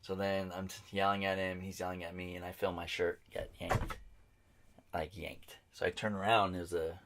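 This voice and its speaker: Man, low voice, podcast co-host, casual storytelling, swearing, acts out quotes. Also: little pitch movement, moderate pace, fairly bright tone, a little hiss or hum. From New Mexico, US.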